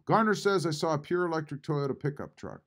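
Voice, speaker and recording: A man hosting a casual live stream from home, reading chat messages aloud and answering them with frequent pauses. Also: fairly high pitch, sing-song, a bit bright. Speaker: YouTube channel host reading live chat. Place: home, at a computer.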